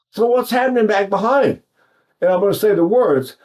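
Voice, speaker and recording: An older male voice teacher talks through a singing lesson in a chatty, animated way. His voice sits high and swoops through a wide pitch range. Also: moderate pace. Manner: animated, chatty, sings and buzzes examples, mimics Italian speech.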